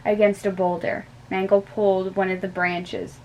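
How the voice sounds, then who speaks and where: A woman narrating a spooky story in a measured reading voice. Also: medium pitch, flat delivery, a little mellow, a little hiss or hum, low-quality recording.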